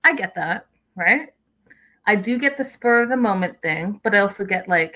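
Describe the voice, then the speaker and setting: A woman's voice: medium pitch, normal speed, highs cut off. A woman hosting a casual recap, chatty and opinionated, with lots of "like"s. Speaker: reality show recap host.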